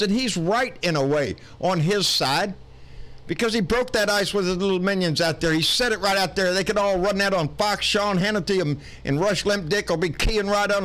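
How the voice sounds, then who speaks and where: A man's voice: sits high, normal speed, a bit bright. Folksy Texan man ranting live. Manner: folksy, swearing, rambling with many fillers. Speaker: live-stream political show host. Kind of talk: casual political rant on a live stream.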